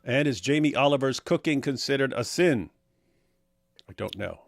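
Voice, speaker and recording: A man's voice: mid-range voice, lively intonation, moderate pace, vocal fry, no echo. A man chats on a casual livestream in a mid-range voice, jokey and rambling as he reads comments aloud. The sound is dry and close to the mic. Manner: jokey, rambling, laughs at his own puns. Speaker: co-host of a livestream reading viewer comments.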